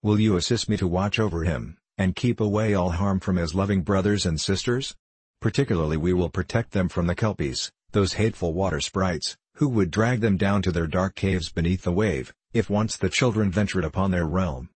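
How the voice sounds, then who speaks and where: A man's voice: sits low, moderate pace, husky, dry recording. A man reading as a gracious fairy queen. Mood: gentle. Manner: regal and gentle. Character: gracious, kindly fairy queen, adult woman. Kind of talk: storybook reading.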